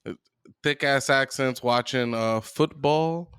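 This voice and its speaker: A man's voice: medium pitch, slow pace, fairly bright tone, smooth, dry recording. Chill guy cursing a lot on a podcast, dry close mic sound. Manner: laid-back, profane storytelling. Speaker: podcast co-host. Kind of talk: casual chat.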